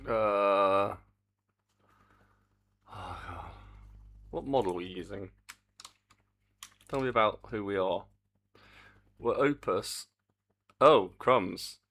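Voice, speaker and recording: A man's voice: on the low side, slow, long pauses, a bit bright. A man streaming his game development, chatting casually and muttering in exasperation, humming to himself as he works. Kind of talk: casual live-stream chat while coding.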